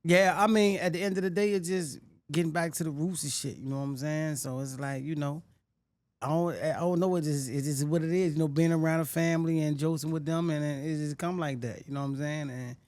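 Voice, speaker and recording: A man's voice: fairly high pitch, fairly even intonation, brisk, a little mellow, no room sound. Rapper guest, man, New Orleans accent, streetwise swagger, dry close sound. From Washington D.C. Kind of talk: casual interview talk.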